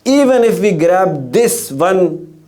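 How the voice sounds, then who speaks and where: A man's voice: sits high, very animated, takes it slowly, warm tone. A middle-aged man giving a sermon in a gathering hall, telling stories with rhetorical questions and frequent restarts. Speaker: religious speaker. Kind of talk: sermon storytelling.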